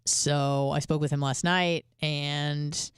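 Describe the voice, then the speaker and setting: A woman's voice: low-pitched, fairly even intonation, takes it slowly, clear, resonant tone, no room sound, studio quality. A woman hosting a radio show, telling a candid, rambling story full of fillers and casual swearing. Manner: chatty and candid, heavy on fillers, swears freely.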